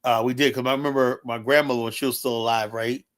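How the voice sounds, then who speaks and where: A man's voice: medium pitch, flat delivery, quick pace, fairly bright tone. A man hosting a casual streamed talk show, telling loose, profane stories and acting out quotes. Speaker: podcast host. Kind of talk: casual storytelling chat. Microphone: remote stream call.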